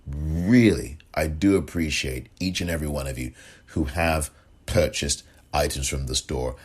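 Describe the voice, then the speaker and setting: Low husky guy doing his solo podcast, slow and chatty, keeps thanking everyone. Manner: chatty, effusive, repeats thanks. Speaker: podcast host. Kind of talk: solo political podcast monologue.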